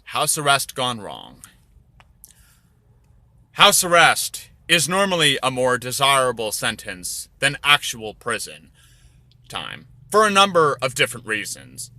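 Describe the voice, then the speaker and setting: Slow, lively, vulgar male storyteller. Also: medium pitch, no room sound. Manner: rambling, vulgar, deadpan asides. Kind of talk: crude comedic storytelling over drawings.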